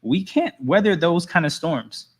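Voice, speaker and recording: A man's voice: on the high side, lively intonation, measured pace, husky. A man hosting a casual livestream, talking loosely and answering chat messages as they come in. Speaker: livestream host.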